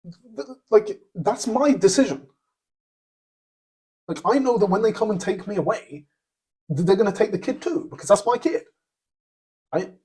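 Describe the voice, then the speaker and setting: A man's voice: sits high, a little mellow, husky. A man hosting a podcast, giving a blunt, opinionated commentary monologue with many restarts and a habit of tagging sentences with "right?". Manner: blunt, repeats "right?" as a tag question; halting, with many restarts and fillers. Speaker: podcast host.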